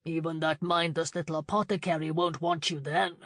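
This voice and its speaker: A man's voice: on the high side, level tone, brisk, no echo. A woman voicing a corpulent, greedy uncle who bellows and blusters in an audiobook scene. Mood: gruff. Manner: loud, bellowing and defensive. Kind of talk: audiobook character reading.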